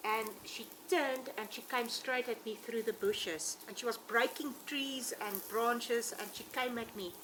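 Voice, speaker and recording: A woman, a safari ranger, telling animated stories with frequent ums. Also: a little high, background noise. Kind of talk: telling anecdotes in an interview.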